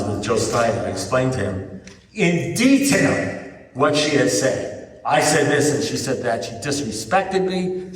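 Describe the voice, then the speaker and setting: An older man speaking at a recovery meeting, telling animated stories and acting out the dialogue. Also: medium pitch. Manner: animated storyteller, acts out dialogue, rises to near-yelling. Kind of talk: recovery meeting talk, storytelling. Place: large meeting hall. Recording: echoey hall, distant mic, faint noise.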